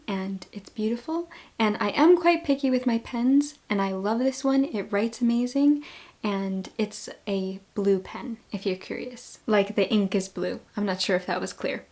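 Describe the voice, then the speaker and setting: A young book vlogger from New York with a Long Island accent chats casually in a haul vlog. Her mid-range voice is a little mellow, and she gushes and laughs often.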